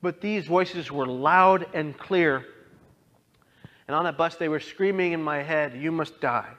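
A young man earnestly telling his own story as a talk, moving from quiet to impassioned. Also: a little high, a little slow, muffled recording. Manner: earnest, swings from hushed to impassioned. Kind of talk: personal testimony talk.

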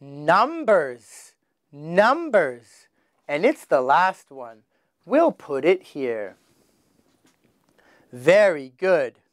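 A man teaching children their letters, slowly sounding out each one with exaggerated emphasis. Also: fairly high pitch, sing-song, no room sound, clean studio sound. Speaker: English teacher. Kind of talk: children's phonics lesson.

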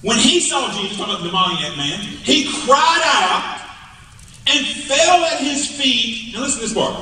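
A man preaching a sermon, telling the story with animated emphasis and building to emphatic peaks. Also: very high-pitched, moderate pace, recorded from a distance. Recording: echoey hall, mic from afar.

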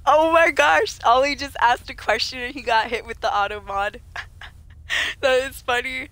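A woman's voice: sits high, fairly even intonation, normal speed, a bit bright. Chatty woman livestreamer, a little sick. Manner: playful, chatty, laughs often, reads chat aloud. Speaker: livestreamer playing a game. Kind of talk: casual livestream chat with viewers.

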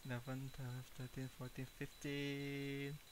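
A man's voice: mid-range voice, completely flat delivery, measured pace, background noise. A man with an Indonesian accent playing a horror game, jumpy and nervous, repeating himself in panic and laughing it off. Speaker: gaming YouTuber. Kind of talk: horror game let's-play.

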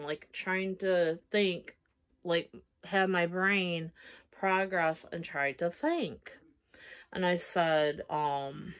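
Slow-talking rambling young woman. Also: fairly low pitch. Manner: rambling, many fillers and restarts. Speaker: vlogger. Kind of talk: casual storytime chat.

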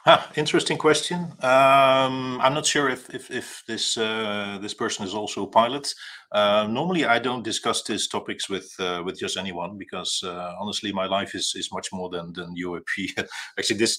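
A Dutch man in his thirties talks as an interview guest over a video call. His voice sits a little low but has a bright edge. He speaks haltingly, full of fillers and restarts. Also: fairly even intonation. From Netherlands. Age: 30s. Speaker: guest, cargo pilot. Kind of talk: casual interview talk.

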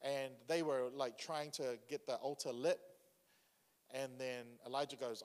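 A man preaching a sermon in a conversational, animated way, asking the congregation questions as he goes. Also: medium pitch, a little slow. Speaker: pastor. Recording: reverberant church hall.

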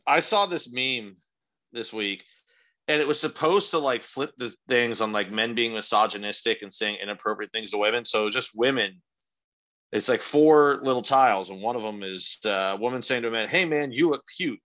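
Young male podcast co-host with a sharp, forceful voice; loose, profane storyteller who spikes upward when excited. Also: moderate pace. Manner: rambling, profane storytelling with sudden excited jumps in pitch. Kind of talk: casual chat.

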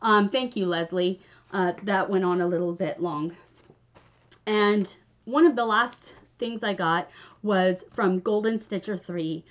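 Chatty woman vlogger, slightly dull recording. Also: medium pitch. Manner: rambling, chatty and gushing. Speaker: cross stitch vlogger. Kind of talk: casual chat.

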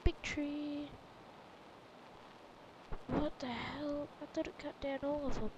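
A woman giving gameplay commentary, chattering to herself with sudden excited exclamations. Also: high voice, takes it slowly, lo-fi sound, background noise. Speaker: let's play gamer.

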